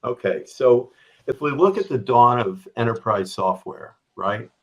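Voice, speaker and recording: This guest, a middle-aged or older business strategy executive, sounds animated at a measured pace in a mid-range voice, and the audio is dull. He explains his points on a remote podcast through examples, often checking in with "right?".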